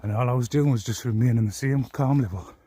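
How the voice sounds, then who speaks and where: A man delivers a long, rambling vlog rant, swearing freely and sounding deeply aggrieved. His voice sits in an ordinary middle pitch and has a husky, rough edge. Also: fast talker, dark tone, no echo. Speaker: vlogger. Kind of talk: angry personal rant.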